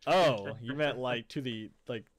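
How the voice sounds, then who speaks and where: A man's voice: mid-range voice, a little slow, dry recording. A man running a tabletop game as game master, casual and laid-back, swearing freely.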